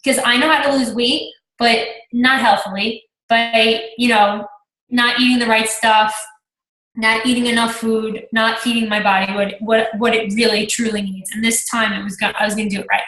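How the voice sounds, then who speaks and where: A woman's voice: fairly high pitch, level tone, moderate pace, fairly bright tone, reverberant, rough recording. A woman in her thirties telling her own story on a group call, chatty, acting out her own past thoughts. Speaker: team coach sharing her story. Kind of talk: personal testimonial on a group call.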